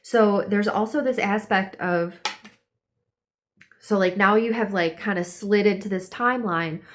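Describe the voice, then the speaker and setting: A woman's voice: mid-range voice, measured pace. A woman giving a casual horoscope reading, chatty and full of "like", now and then acting out voices. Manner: chatty, lots of "like", acts out quoted voices. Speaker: tarot and astrology reader.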